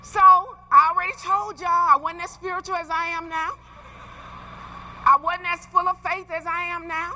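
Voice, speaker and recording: A woman in her forties preaching a sermon as a lively, emphatic, folksy storyteller. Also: very high-pitched, normal speed, slight background noise, rough recording. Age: 40s. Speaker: preacher, pastor's wife.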